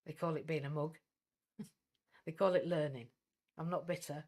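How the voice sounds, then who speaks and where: A woman with a Welsh English accent talks on a livestream, blunt and outspoken, never beating around the bush. Her voice is bright and forceful, with a hard edge when she pushes a point. She runs a coaching business and swears freely once she gets going. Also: low voice. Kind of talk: livestream talk.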